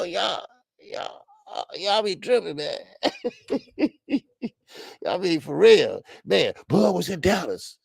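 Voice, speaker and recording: An older man in a casual boxing call-in show, speaking in a Black with a heavily gravelly, fry-laden voice that sits a little higher than most men's. He rambles loosely and profanely, stacking stammered fillers and chuckling at his own jokes. The sound is dry and close, with no room around it. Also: dry recording.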